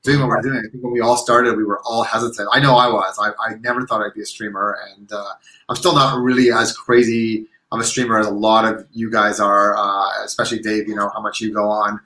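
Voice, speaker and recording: Bright-voiced supportive man. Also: on the low side, little pitch movement, brisk, rough recording. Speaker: DJ guest. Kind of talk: casual chat.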